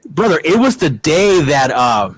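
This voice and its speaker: A middle-aged man with a fairly high voice tells one excited story after another, stopping often on "uh" and "you know" and slipping into the voices of the people he quotes. The sound is close and dry, with almost no room around it. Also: a little slow, no echo. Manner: animated anecdotes with many fillers and quoted voices. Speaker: guest, wrestling promoter. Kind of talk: casual interview storytelling.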